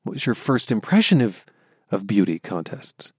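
Radio host guy, friendly and measured, lots of pitch movement, dry studio. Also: very animated, slightly rough, no echo. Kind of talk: radio interview.

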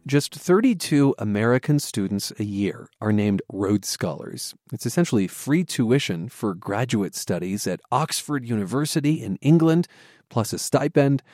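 A man hosting a radio interview, asking questions in a friendly, expressive way. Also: mid-range voice, moderate pace, dry recording, clean studio sound. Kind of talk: broadcast interview.

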